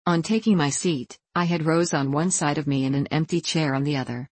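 A woman narrating a classic novel as an audiobook reader, measured and even. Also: sits low, husky, no room sound.

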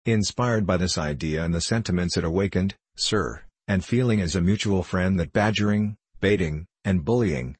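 A man reading an audiobook, voicing a florid young gentleman who speaks in a grand, theatrical way. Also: low voice, normal speed, hardly any pauses, breathy edge, no room sound. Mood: pompous.

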